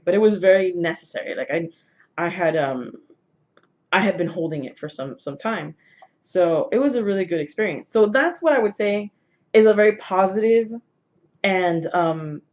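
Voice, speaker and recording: On a dull lo-fi recording, a woman vlogger with a sore throat chats to camera about something personal, wandering off track with frequent fillers and restarts. Her pitch sits fairly low, with a slightly mellow quality.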